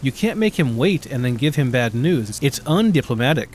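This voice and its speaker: A man voicing a calm, wry, diplomatic prince while reading a game book aloud. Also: mid-range voice, normal speed, slight background noise, lightly acted. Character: smooth diplomatic adult prince, wry and scheming.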